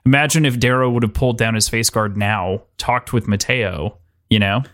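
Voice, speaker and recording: A man's voice: fairly low pitch, steady tone, moderate pace, fairly bright tone. Easygoing male co-host asking questions. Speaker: podcast co-host. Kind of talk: casual book discussion chat.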